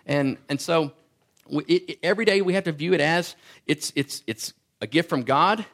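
Gravelly man preaching conversationally. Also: on the high side, normal speed, fairly bright tone. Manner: conversational, self-deprecating storytelling with stammered restarts. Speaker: pastor. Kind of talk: sermon.

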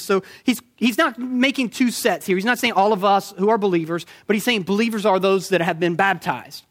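A man preaching a sermon, emphatic, asking rhetorical questions and slowing down to stress key points. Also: sits high, a bit bright.

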